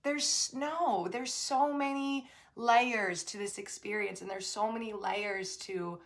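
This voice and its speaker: A woman's voice: medium pitch, steady tone, slow pace. A woman spiritual coach giving a casual motivational talk to camera, chatty and emphatic, full of fillers and tag questions, calling the listener babe. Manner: many fillers and tag questions, swinging between loud bursts and soft asides.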